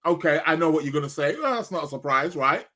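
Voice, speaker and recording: A man's voice: on the high side, lively intonation, quick pace, bright, forceful tone. A man hosting an astrology podcast live stream in a casual, rambling chat, greeting viewers by name and munching snacks as he talks.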